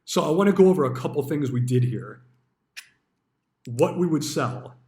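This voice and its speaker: A man's voice: on the high side, lively intonation, moderate pace, mellow, slight background noise. A man, a retired stockbroker, telling stories about his old job in a blunt, casual way, swearing freely. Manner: blunt, swears freely, acts out quoted dialogue. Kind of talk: casual storytelling monologue. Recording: roomy echo.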